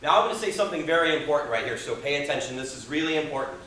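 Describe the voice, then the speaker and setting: Speaking rapid-fire in a somewhat high, bright voice, this Toastmasters member delivers a motivational speech to a live audience gathered in a meeting room. He animates quoted people and asks the crowd questions, all captured from a distance in an echoey, hall-like space.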